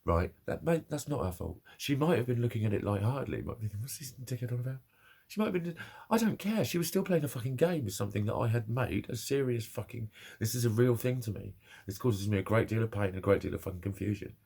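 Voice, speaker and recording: Man, husky voice, lowish pitch, sweary agitated vlog rant. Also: expressive, fast, a little mellow. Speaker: vlogger. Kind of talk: angry personal rant to camera.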